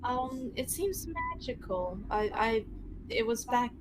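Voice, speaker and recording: A woman playing in a tabletop game, speaking hesitantly with many pauses and ums. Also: on the high side, background noise. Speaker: player. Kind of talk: casual tabletop play.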